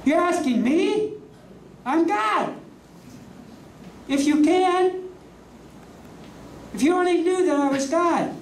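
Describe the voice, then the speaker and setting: An exasperated, indignant Jesus, voiced by a preacher rises well above the speaker's usual pitch and throws out incredulous questions. The voice is heard from some distance in an echoey room. A faint hum sits under it. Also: slow pace, long pauses, full character voice. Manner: raised, incredulous rhetorical questions.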